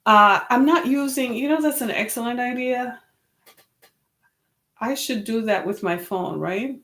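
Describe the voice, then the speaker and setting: A woman's voice: on the high side, unhurried, fairly bright tone, roomy sound. A woman hosting her web series, talking casually to camera, tired and a little wheezy from lack of sleep, with a chatty, exasperated, rambling manner.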